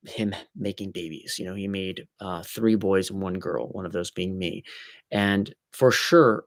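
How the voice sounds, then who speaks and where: A man hosts a casual live stream, talking in a relaxed, joking way and answering viewers by name. His voice sits low. The sound is dry and close, with no room echo.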